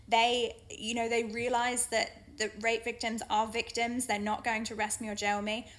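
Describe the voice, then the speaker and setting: A woman's voice: a little high, level tone, a bit bright. A young British woman telling a personal story straight to camera in a frank, earnest way. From Britain. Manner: earnest, frank, with pauses and restarts. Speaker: vlogger.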